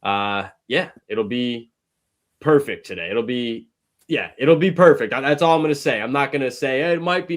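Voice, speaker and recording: A man hosting a live sports betting show, chatting casually and greeting viewers in the chat. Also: medium pitch. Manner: rambling, upbeat, greets chat viewers by name.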